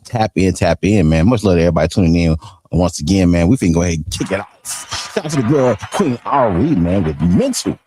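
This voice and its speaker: Young man, Chicago accent, radio host; hyped, slangy patter, lowish voice. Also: animated, brisk, dark tone, slightly rough. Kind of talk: casual radio hosting.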